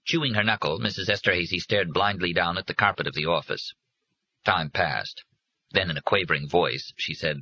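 A man reading a novel aloud as an audiobook narrator, in measured scripted narration. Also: low voice, bright, forceful tone, husky, dry recording. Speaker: audiobook reader. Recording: dry, dull lo-fi recording.

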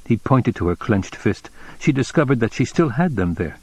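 A man narrating an audiobook in a measured, deliberate reading style. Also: medium pitch, big pitch swings, husky, dry recording. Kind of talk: scripted narration.

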